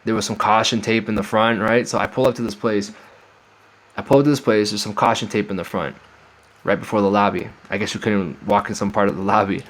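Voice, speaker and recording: A man's voice: lowish voice, steady tone, a little fast, fairly bright tone, rough recording. Rambling, profane man telling a story. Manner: rambling, profane, acts out the voices of people he met. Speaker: vlogger telling a travel story. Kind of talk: casual storytelling.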